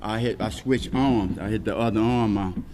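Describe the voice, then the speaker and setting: A man telling his recovery story at a meeting, with rhythmic lists and swings between shouting and hushed talk. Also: on the low side, normal speed. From Texas. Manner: preaching, rhythmic lists, shouts and laughs early, quiet and hushed later. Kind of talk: personal testimony at a speaker meeting. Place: meeting hall. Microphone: podium microphone. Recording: hall reverb, faint noise.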